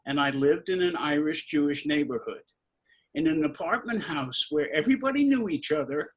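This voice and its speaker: A man's voice: on the high side, animated, moderate pace. A man in his seventies from Brooklyn, interviewing a guest over a video call in an effusive, emotional way. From Brooklyn, New York. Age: 70s.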